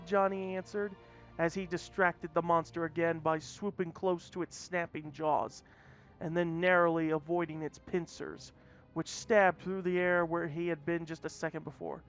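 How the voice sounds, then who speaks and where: A man's voice: a little high, fairly even intonation, moderate pace. A man reading a story aloud in a casual way, often restarting mid-phrase. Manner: plain reading with frequent restarts. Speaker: story reader. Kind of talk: casual read-aloud narration. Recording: dull lo-fi audio, faint music.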